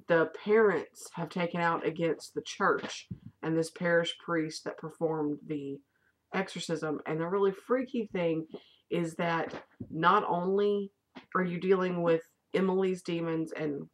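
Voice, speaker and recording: A woman vlogger in casual, rambling chat reviewing a favorite movie, with the odd casual swear. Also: on the low side.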